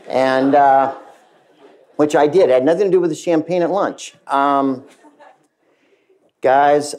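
A middle-aged man, a company chief, tells a story from his career to an audience, lively and speaking straight to the listeners. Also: mid-range voice. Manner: animated, addresses the audience directly. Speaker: CEO giving a talk. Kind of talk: storytelling keynote talk.

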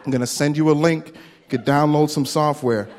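A man performing stand-up on stage, telling a story in an animated way with quick impressions. His voice sits fairly high, and it carries a long reverb from the hall. A faint hum of the venue sits behind him. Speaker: stand-up comedian. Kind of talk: stand-up comedy set. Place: live comedy venue with audience.

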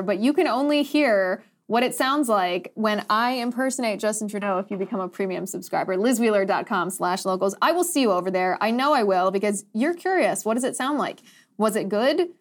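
A young adult woman hosting her own show in a sarcastic, quick, animated monologue. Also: medium pitch. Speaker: podcast host. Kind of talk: casual monologue.

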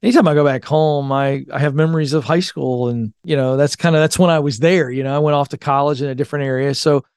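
Earnest, smooth-voiced man telling stories. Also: fairly high pitch, fast, hardly any pauses, a little mellow, no room sound, studio quality. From Virginia, Tidewater area. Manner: folksy, earnest storyteller. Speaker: guest author. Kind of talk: storytelling in a podcast interview.

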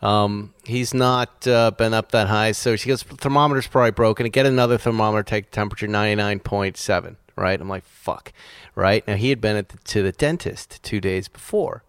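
A man co-hosting a podcast, telling a story in an animated, self-mocking way and laughing as he goes. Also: on the low side, a little fast, few pauses, smooth, dry recording, studio quality. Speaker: podcast co-host. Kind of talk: casual chat, storytelling.

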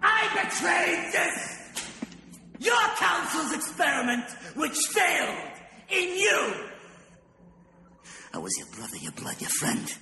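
An actor playing a vengeful man who confronts his brother, shouting in a gravelly voice in a film scene. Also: extremely high pitch, wildly swooping pitch, slow, pauses often, full character voice. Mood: furious. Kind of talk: film dialogue. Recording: echoey film clip, long reverb, faint noise.

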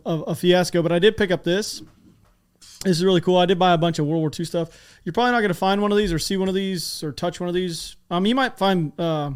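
A man hosts a casual podcast and offers his views in a loose, conversational way. His voice sits somewhat higher than most men's. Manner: conversational, opinionated. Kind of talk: casual chat.

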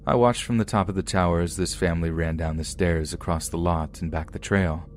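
A man reading submitted true scary stories aloud in the first person as a podcast narrator, in a steady, measured way. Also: sits low, slight background noise.

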